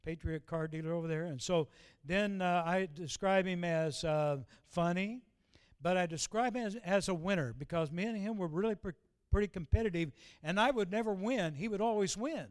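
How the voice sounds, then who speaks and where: A man's voice: high-pitched, normal speed, smooth. A middle-aged man, preaching a sermon with folksy, self-deprecating stories. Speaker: pastor.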